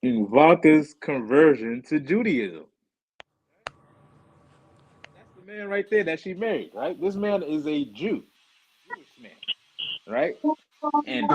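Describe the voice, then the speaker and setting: A man's voice: fairly high pitch, slightly rough, low-quality recording. A man teaching a class casually over a live stream, informal and often checking in with his listeners.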